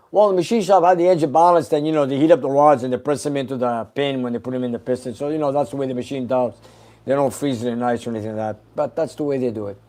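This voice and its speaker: A man hosts a casual livestream, working through viewer comments one by one. His voice sits a little high, and he answers each question briefly and with an easy laugh. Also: darkish tone. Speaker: host reading live chat questions.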